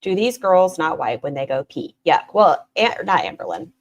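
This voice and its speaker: A woman reacting to clips on a stream, sarcastic and swearing freely, swinging from loud bursts to muttered asides. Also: sits low, sing-song, normal speed. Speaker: commentary streamer.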